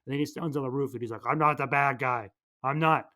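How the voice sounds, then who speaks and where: A man casually retelling a movie plot as a podcast host, rambling and playful, tossing in quick voices for each character. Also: mid-range voice, pushed and bright.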